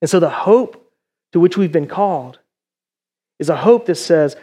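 A man's voice: on the high side, expressive, unhurried, mellow. A middle-aged male pastor preaching a conversational sermon in a church, full of rhetorical questions.

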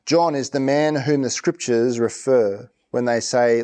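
A man's voice: mid-range voice, fairly even intonation, measured pace, hardly any pauses, warm tone. A male pastor giving a sermon in a conversational preaching manner, often repeating and restarting his phrases.

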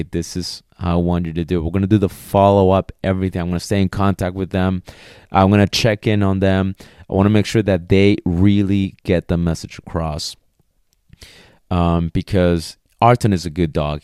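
A man who trains dogs, talking casually to his video audience as an animated storyteller who swears freely. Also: low voice, clean tone, dry recording, studio quality. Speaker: dog trainer. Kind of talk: casual vlog talk.

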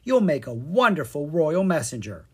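A storybook narrator voicing a fretful fairy mother who works as a palace housekeeper, in a high, pleading voice. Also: big pitch swings, normal speed, a little mellow, breathy edge.

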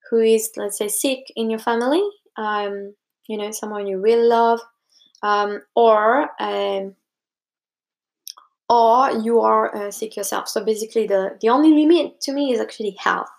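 Creaky-voiced young woman giving chatty advice. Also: on the high side. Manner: rambling, many fillers and restarts, acts out other people's lines. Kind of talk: casual advice talk.

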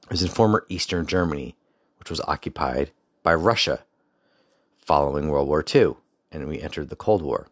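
A man's voice: very deep voice, moderate pace, pauses often, no room sound, clean studio sound. A man in his forties telling a rambling personal story, with many fillers and digressions. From United States. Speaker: speaker recounting a personal story. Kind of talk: casual storytelling monologue.

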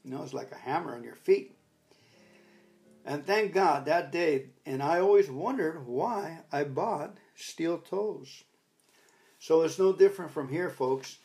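A man's voice: a little high, lively intonation, a little slow. An older man telling a rambling personal story in a casual, reflective talk. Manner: rambling storyteller, bursts into loud commands when retelling. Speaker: recovery talk speaker.

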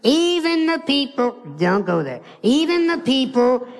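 A man's voice: very high-pitched, very animated, measured pace, in a large hall, soft background music. An American man giving a live motivational keynote, telling stories playfully and speaking straight to his audience. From United States.

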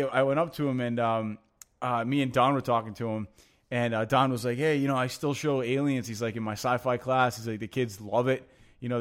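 A man telling long, rambling anecdotes in casual chat, full of fillers like "like" and "you know" and frequent swearing. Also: mid-range voice.

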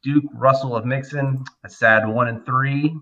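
Male host, brisk and businesslike, muffled lo-fi recording. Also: medium pitch, fairly even intonation, bright, forceful tone. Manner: brisk, steering the conversation. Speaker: podcast host. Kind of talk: casual chat.

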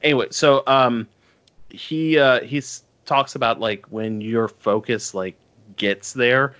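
A man's voice: medium pitch, steady tone, slow, a bit bright, clear, resonant tone. A man co-hosting a podcast in casual chat, rambling with many fillers and restarts. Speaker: podcast co-host.

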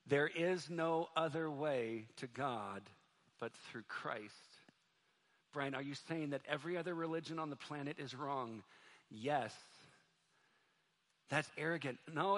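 A male pastor preaching a sermon in a church, moving between loud, fervent stretches and soft, quiet appeals to the congregation. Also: on the high side. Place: church sanctuary.

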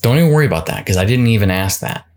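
A man's voice: lowish voice, big pitch swings, rapid-fire, a little mellow. A man hosting a solo motivational podcast, talking casually and often restarting and repeating words. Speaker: podcast host.

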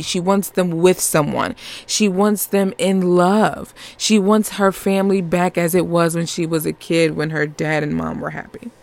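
A woman's voice: on the low side, creaky, darkish tone. A woman hosting a podcast, chatting casually and animatedly as she reviews a movie, laughing often. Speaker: podcast host.

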